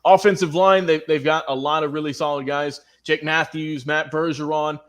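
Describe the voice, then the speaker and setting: A male co-host on sports talk radio, his voice sitting a little high for a man. He works through a roster in an easy, conversational rundown and then hands the discussion to his partner. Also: fairly even intonation, moderate pace.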